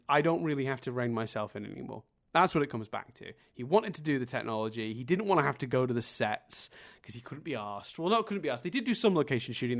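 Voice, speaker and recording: A man co-hosting a film review podcast, speaking in a slightly high voice that swings widely in pitch. He rants emphatically, swears freely and laughs often as he talks. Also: fairly bright tone. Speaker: podcast co-host. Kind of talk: casual film review chat.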